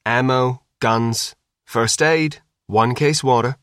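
Guy reading a calm ex-army dad, short clipped orders, dry sound. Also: mid-range voice, slow pace, clean tone, no room sound. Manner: clipped, matter-of-fact orders. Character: middle-aged father, ex-soldier, calm and commanding.

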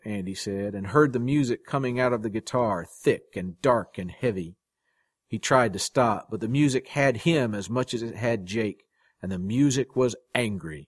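A man reading a short story aloud as its narrator, in a measured, dramatic way. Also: lowish voice, no echo, clean studio sound. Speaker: story reader. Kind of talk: scripted narration.

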